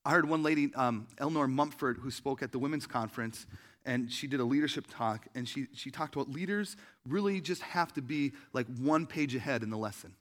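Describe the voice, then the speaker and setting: A man's voice: a little fast, fairly bright tone. A man giving a conversational sermon, full of fillers and rhetorical "right?" questions, sometimes acting out quoted voices. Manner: acts out quoted voices with big jumps in pitch and volume. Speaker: pastor.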